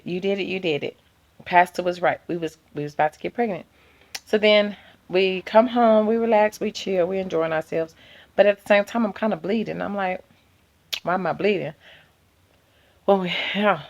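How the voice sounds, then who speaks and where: A woman in her thirties telling a personal story to her viewers in an animated, chatty way. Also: on the low side, vocal fry. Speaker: vlogger.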